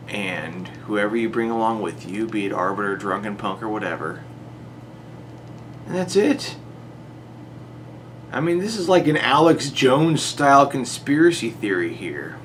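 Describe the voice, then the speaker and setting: A man's voice: mid-range voice, noisy background. A man delivering an exasperated monologue to a rival YouTuber, his voice jumping up on rhetorical questions. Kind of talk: monologue to camera.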